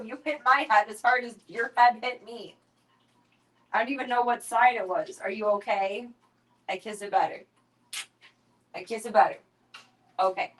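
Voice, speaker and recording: A young woman streaming from home, chatting casually, swearing freely, and cooing baby talk at her pets. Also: a little high. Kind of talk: casual live-stream chat.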